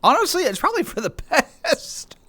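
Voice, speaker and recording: A man's voice: very high voice, sing-song, normal speed, pushed and bright, no echo. A tired man in casual live-stream chat, playfully greeting his viewers one by one and joking at his own expense. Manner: goofy, self-mocking. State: tired, lower energy. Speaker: livestreamer.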